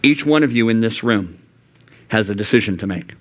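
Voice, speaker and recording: In a church youth room, a young adult youth pastor delivers an earnest sermon at normal speed. When he quotes God or himself, he often leaps into high, animated voices.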